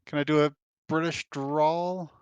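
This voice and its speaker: A man's voice: on the high side, little pitch movement, unhurried, smooth, no echo, dull audio. A man running a tabletop game as game master, narrating with laughing, self-deprecating asides.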